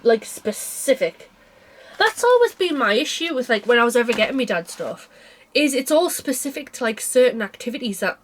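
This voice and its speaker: A young woman chatting casually about cross stitch designs, tired and yawning, rambling with small laughs. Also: on the high side. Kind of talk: casual chat.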